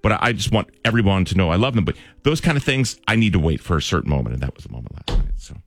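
A man's voice: low voice, sing-song, rapid-fire, vocal fry, dry recording. A man co-hosting a casual radio show, telling an earnest story with self-deprecating jokes. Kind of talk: casual morning show chat.

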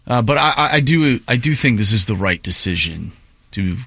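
A man's voice: fairly low pitch, expressive, normal speed, gravelly, pushed and bright, breathy edge, dry recording. A man on a podcast panel in easygoing, agreeable casual chat.

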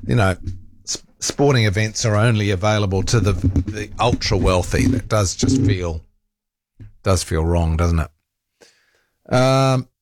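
A man's voice: fairly low pitch, darkish tone, no echo, studio quality. A man hosting a talk radio show, reading listener texts and arguing back at critics in a combative, fact-checking way. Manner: combative, defends himself, fact-checks callers.

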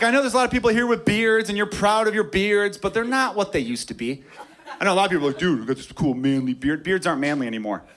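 A male comedian with a slightly high voice works the crowd in a sardonic tone and speaks to them directly. A faint hiss of background noise sits under the live recording. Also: a bit bright. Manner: sardonic, addresses the audience directly. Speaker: stand-up comedian. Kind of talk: stand-up comedy routine. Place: comedy stage before a live audience.

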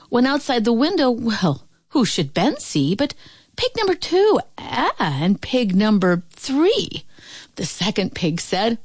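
A woman reading a rhyming picture book aloud in an expressive, playful way. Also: a little high, a little slow, breathy edge, dry recording. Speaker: storyteller.

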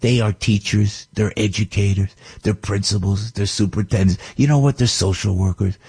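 A man's voice: fairly low pitch, steady tone, moderate pace, a little mellow, husky. An older man with a New Jersey accent, hosting a morning radio show and telling a rambling story with many restarts. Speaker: radio host.

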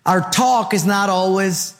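Male pastor, sermon, high voice, rhythmic rhyming lines. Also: a little slow, long reverb tail. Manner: rhythmic, rhyming phrases, asks the congregation questions.

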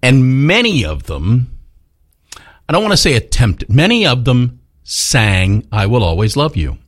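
A man's voice: mid-range voice, wildly swooping pitch, unhurried, breathy edge. A man hosting a morning news talk radio show, chatting casually with many fillers and restarts.

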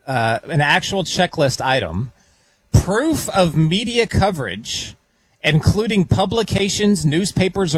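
A man's voice: fairly high pitch, husky, no room sound, low-quality recording. A man co-hosting a talk radio show, reading out a report while holding back laughter. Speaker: radio co-host.

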